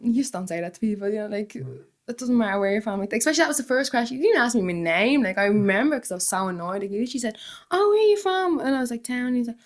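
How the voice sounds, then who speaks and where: A young woman with a strong Dublin accent talks fast and with a bright, fairly high voice. She chats casually as a podcast guest and acts out other people's lines as she tells her stories. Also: lively intonation. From Ireland, Dublin. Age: young adult. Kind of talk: casual chat.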